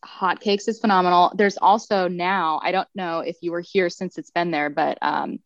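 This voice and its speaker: On a sports podcast, a young female guest keeps things chatty and casual, full of fillers and jokes at her own expense. She speaks at a moderate pace in a fairly low, steady voice with no echo, though the audio sounds dull and a bit muffled.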